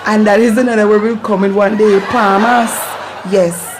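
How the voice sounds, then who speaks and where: A woman from Jamaica with a Jamaican accent, hosting a casual video lesson on patois, playful and quick to laugh. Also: medium pitch, fairly even intonation, background noise. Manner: playful, laughs often, lilting patois phrases. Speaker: channel host teaching patois.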